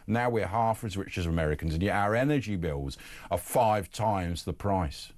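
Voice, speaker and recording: A man's voice: low voice, animated, normal speed, a little mellow. An older man hosting a call-in radio show, blunt and opinionated, talking over callers. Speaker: radio talk show host. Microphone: studio microphone.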